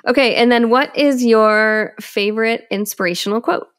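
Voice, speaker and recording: A woman's voice: a little high, normal speed, fairly bright tone, smooth. A woman hosts a podcast interview with an encouraging, conversational manner. She keeps her questions light and casual. The sound is dry, with no room echo. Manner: encouraging, frequent affirmations. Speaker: podcast host.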